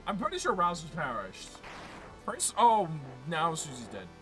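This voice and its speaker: A man's voice: on the high side, huge pitch swings, unhurried, a bit bright, soft background music. A man streaming a game live, chatting casually, joking and reading messages aloud. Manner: joking, reads chat aloud. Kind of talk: casual live gameplay chat.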